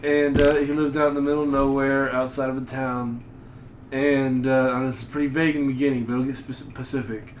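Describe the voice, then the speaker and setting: A man's voice: mid-range voice, little pitch movement, fairly quick, a little hiss or hum. A man co-hosting a casual podcast, cracking jokes and starting a story in a laid-back way. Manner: laid-back, joking interjections. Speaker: podcast co-host. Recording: echoey room.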